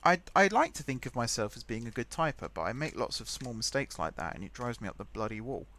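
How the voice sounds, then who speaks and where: A man's voice: mid-range voice, lively intonation, quick pace, sharp tone. A young man hosting a game let's play, rambling chattily and thinking aloud as he types. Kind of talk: casual gameplay commentary.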